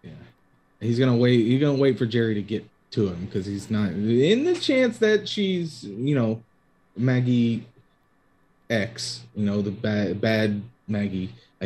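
Hesitant low-voiced man playing a game. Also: lively intonation, unhurried, darkish tone, rough recording. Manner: hesitant, stammering. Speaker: player. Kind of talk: casual tabletop play.

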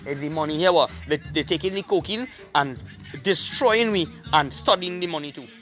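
A man's voice: fairly high pitch, moderate pace, fairly bright tone, soft background music. A man, hosting a rambling opinion monologue in a preachy, emphatic way. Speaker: show host.

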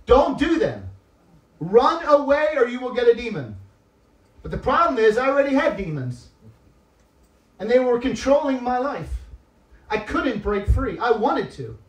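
A man with a high-pitched voice preaches a sermon, dropping to soft, confessional tones and then rising into loud, emphatic appeals. He is recorded from a distance in an echoey church hall, so his voice rings around the room. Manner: swings between soft, tearful-toned confession and loud emphatic exhortation. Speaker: guest preacher.

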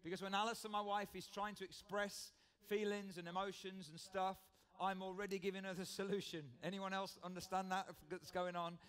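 A man's voice: sits high, little pitch movement, moderate pace, few pauses, a bit bright. A British man preaching a sermon in church, earnest and conversational, often repeating his key phrases.

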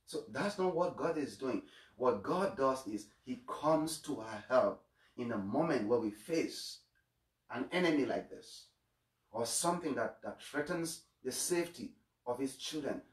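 Man, priest, earnest homily, stumbles and repeats, medium pitch, roomy echo. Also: animated, measured pace, far from the mic. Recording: echoey room, voice away from mic.

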